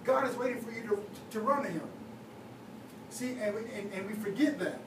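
A brisk, high-pitched voice comes from a young youth leader preaching in a church hall. He keeps the sermon casual and conversational with lots of fillers, and the distant recording carries echo and noise.

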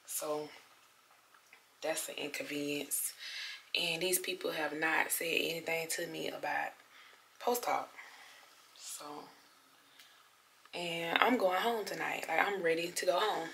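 Low gravelly-voiced woman vlogging after surgery. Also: steady tone, slow pace, pauses often, fairly bright tone, a little hiss or hum. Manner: chatty, talks straight to viewers as y'all. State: sore, recovering after surgery. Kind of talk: casual vlog talk to camera. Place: hotel room, indoors.

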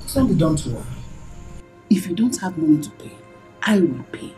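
A woman's voice: fairly low pitch, very animated, normal speed, dark tone. An actress playing a middle-aged mother who lectures her grown children in a film. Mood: warning. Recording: echoey room with music under.

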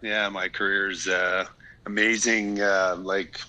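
A man's voice: deep voice, level tone, slow, background noise. A man in his fifties, a podcast guest, telling his story in a candid, reflective way with many restarts. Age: 50s. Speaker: guest, retired hockey player. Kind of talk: casual podcast interview.

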